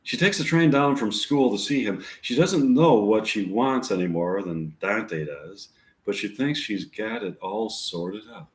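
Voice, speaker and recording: Rambling man reading scripts in an echoey room. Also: lowish voice. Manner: rambling, halting restarts. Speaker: amateur screenwriter. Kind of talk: reading his own scripts aloud.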